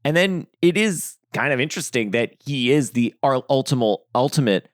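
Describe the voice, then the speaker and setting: A man co-hosting a film podcast, talking in a rambling, halting way with many restarts. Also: medium pitch, animated, no room sound, clean studio sound. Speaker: podcast co-host. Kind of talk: casual film discussion.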